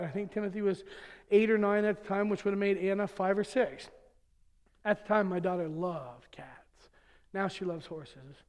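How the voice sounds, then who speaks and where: A middle-aged pastor preaching a sermon, telling humorous family stories and chuckling at his own jokes before turning earnest. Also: high voice. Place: church sanctuary. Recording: long church hall reverb.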